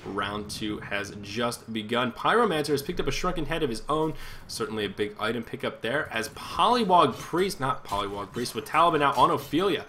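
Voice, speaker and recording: A man's voice: medium pitch, lively intonation, fairly quick, sharp tone, slight background noise. A man casting a live video game match solo, giving chatty play-by-play and thinking aloud as he corrects himself. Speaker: esports caster.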